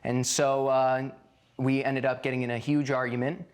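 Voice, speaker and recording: A man testifying as the plaintiff in a courtroom, recounting events haltingly with frequent fillers. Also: medium pitch, little pitch movement, clear, resonant tone. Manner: halting storytelling with many fillers. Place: courtroom set.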